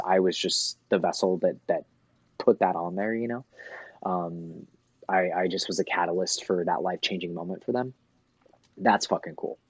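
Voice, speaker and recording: Laid-back low-voiced man, dry sound. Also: husky, no room sound. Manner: laid-back, swears freely. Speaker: tattoo artist, guest. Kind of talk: casual chat.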